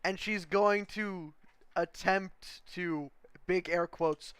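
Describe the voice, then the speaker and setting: High, bright-voiced man running a game. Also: fairly even intonation, takes it slowly, clear, resonant tone, dry recording. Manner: easygoing, laughs at his own slips. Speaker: game master. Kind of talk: narrating a tabletop game.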